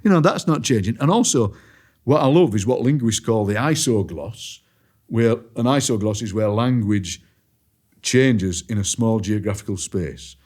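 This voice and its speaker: A man with a Barnsley Yorkshire accent, a poet chatting as a podcast guest and telling lively anecdotes. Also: fairly low pitch, moderate pace. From Barnsley, England. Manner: lively, storytelling, drops into quoted voices. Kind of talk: casual conversation.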